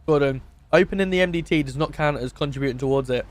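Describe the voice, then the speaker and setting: A British man in a game roleplay talks fast in a dry, reasoning tone. His voice sits a little high. There is a faint hiss behind him.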